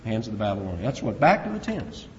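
A man preaching an expository Bible sermon, animated and rhetorical, rising for emphasis. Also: lowish voice, quick pace. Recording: dull reverberant hall recording with faint hiss.

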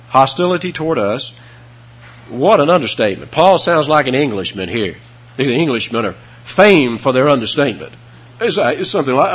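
A man preaching an expository sermon, emphatic, with dramatic swings in pitch and loudness, on a dull lo-fi recording.

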